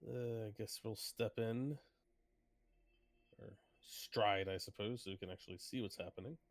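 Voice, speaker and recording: A man's voice: lowish voice, normal speed, dry recording. A man playing a tabletop game, talking hesitantly with many fillers. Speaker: player. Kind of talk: casual tabletop play.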